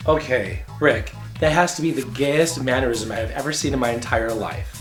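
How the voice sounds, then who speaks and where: A man's voice: medium pitch, moderate pace, soft background music. A man hosting a comedic video commentary show, talking in a sassy, catty, campy way. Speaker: show host.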